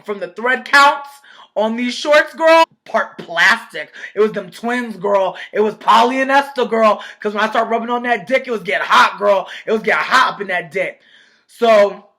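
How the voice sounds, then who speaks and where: A woman vlogger telling a storytime in a casual, animated, profane way, acting out quoted voices. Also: medium pitch, moderate pace.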